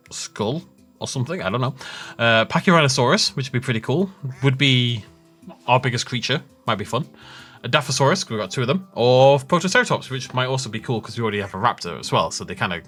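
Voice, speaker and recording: A man casually talks his viewers through his game, musing aloud and chatting along. His voice sits at an ordinary pitch but moves about with plenty of animation. Soft music plays faintly behind him. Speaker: Minecraft let's-play host. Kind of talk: casual gameplay commentary.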